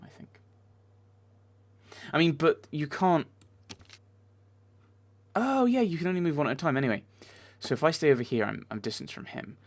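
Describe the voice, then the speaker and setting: A man's voice: medium pitch, vocal fry. A man giving let's play commentary, talking back to the game characters and getting easily exasperated. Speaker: video game player.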